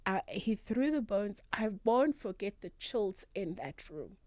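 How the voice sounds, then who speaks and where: A South African woman, a guest and traditional healer, telling her story in an animated, emphatic way in a studio interview. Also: mid-range voice, measured pace, no echo. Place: radio studio.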